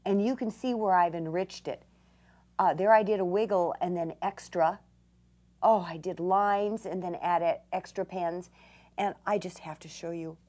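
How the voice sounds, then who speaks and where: An older woman leads a crafting lesson at an unhurried, deliberate pace. Her voice sits a little low for a woman, and she gushes over her materials, often sinking into delighted whispers. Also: a little mellow. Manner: enthusiastic, gushing, drops to whispers in delight. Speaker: craft instructor. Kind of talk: craft demonstration.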